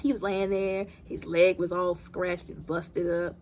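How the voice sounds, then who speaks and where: A woman's voice: fairly low pitch, flat delivery, a little slow, a little mellow, a little hiss or hum. A woman giving a comedic movie recap, dramatic and sassy, with playful asides. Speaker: movie reviewer.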